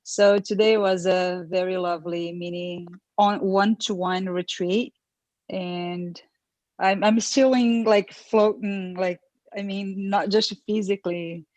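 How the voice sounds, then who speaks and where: A tired woman who teaches yoga and dance, talking slowly and effusively as a guest on a video call panel. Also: mid-range voice, fairly even intonation, a little mellow, no room sound.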